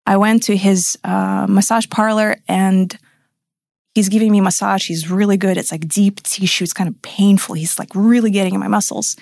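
A woman's voice: medium pitch, steady tone, normal speed, vocal fry, darkish tone, no room sound, studio quality. A woman in her thirties, a podcast guest, telling her personal story frankly and emphatically, sometimes swearing.

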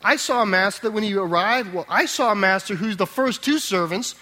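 Man preaching, high voice, dramatic sermon, loud emphasis then soft asides. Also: fairly quick. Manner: dramatic, swings between loud emphasis and quiet tender asides; acts out the master's voice in quotes. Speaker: pastor.

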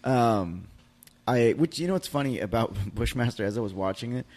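A man's voice: mid-range voice, a little fast, darkish tone. A man co-hosting a casual TV recap chat, swearing, laughing often and trailing off mid-sentence. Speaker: podcast co-host.

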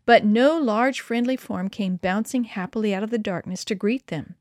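A woman narrating a children's story in a steady, even reading voice. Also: medium pitch, moderate pace, no room sound, studio quality.

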